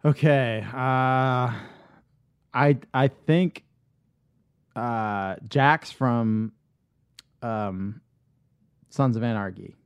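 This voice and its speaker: A man on a podcast casually pitching a movie idea, rambling with lots of fillers and restarts. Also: extremely slow, pauses often, clear, resonant tone, dry recording.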